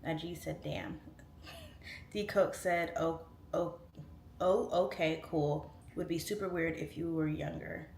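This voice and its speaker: A woman's voice: low voice, steady tone, slow pace, creaky, a little mellow. A woman in her late thirties hosting a casual livestream, reading viewer comments aloud and chatting on tangents with laughs. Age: 30s. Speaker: livestream host. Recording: roomy echo, faint room noise.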